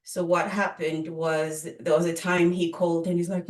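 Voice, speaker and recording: A middle-aged woman, an author guest, answering interview questions in a measured, thoughtful way with light laughs and frequent pauses. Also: on the low side, flat delivery. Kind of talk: interview conversation. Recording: roomy, distant from the mic.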